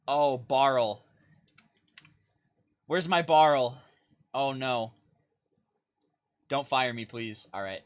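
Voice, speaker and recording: A man's voice: mid-range voice, slight background noise. A young man casting an online car soccer match live from his home stream setup, chatty and self-deprecating, calling plays between asides. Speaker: esports caster. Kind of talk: casual game commentary. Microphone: desk mic with face cam.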